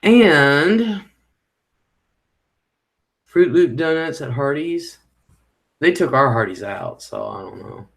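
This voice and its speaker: A man's voice: on the high side, lively intonation, takes it slowly, pauses often. A middle-aged man, hosting a casual live stream and chatting with viewers in a rambling way, swearing when annoyed. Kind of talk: casual live chat reading viewer comments.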